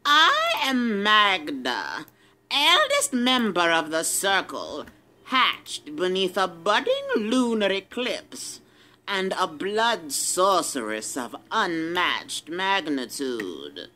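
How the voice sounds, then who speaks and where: A woman's voice: on the low side, sing-song, slow, sharp tone, exaggerated voice. A woman voicing a proud, silver-haired elder witch and blood sorceress who speaks in a theatrical, melodic way. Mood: grandiose. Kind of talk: audio drama acting.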